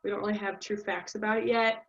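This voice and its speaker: Talking fast in a level, medium-pitched voice, a student presenter thinks aloud through a casual class presentation, filling it with ums. She's a young woman, recorded in dull lo-fi audio.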